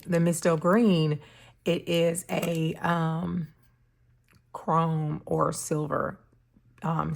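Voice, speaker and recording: This woman's fairly low, gravelly voice carries a laid-back stationery video, where she chats through an unboxing and tries out pens. Her pace is slow and she laughs gently.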